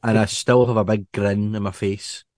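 A man's voice: lowish voice, flat delivery, moderate pace, darkish tone, no echo. A man with a Scottish accent co-hosting a podcast, chatting casually and rambling with many restarts. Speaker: podcast co-host. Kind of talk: casual chat.

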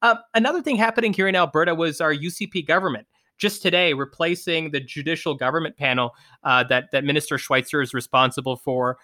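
A Canadian man moderating a podcast, asking lively, halting questions. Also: a little high, no echo, clean studio sound.

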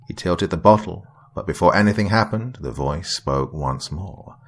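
A man narrating a dark story in a measured, brooding way. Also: low-pitched, lively intonation, faint music behind.

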